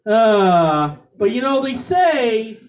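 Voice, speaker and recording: A male stand-up comedian on a club stage, delivering jokes haltingly with many repeated ums and restarts. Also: sits high, very animated, far from the mic, a crowd in the background.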